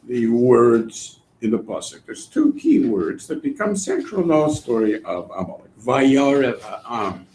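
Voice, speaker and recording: Excitable guy teaching torah, high voice jumping all over, roomy echo. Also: unhurried, few pauses, a little hiss or hum. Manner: animated, acts out voices, laughs often. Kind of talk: animated Torah class. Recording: echoey room.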